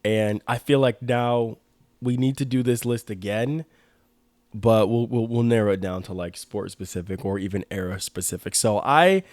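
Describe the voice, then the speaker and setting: A man's voice: on the low side, normal speed, a little mellow, no echo. A young man co-hosting a sports podcast in casual chat, laid-back, laughing often and repeating words. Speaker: podcast co-host.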